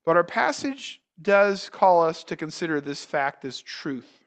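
Male pastor, high-pitched voice, measured sermon delivery with restarts and rhetorical questions. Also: big pitch swings. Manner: measured preaching with repeated words and rhetorical questions.

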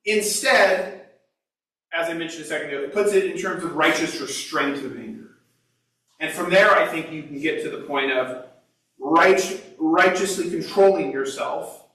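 A man's voice: a little high, moderate pace, sharp tone. A man leading an informal Bible class, talking conversationally and asking the group questions. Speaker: Bible study teacher. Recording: echoey room, mic far away.

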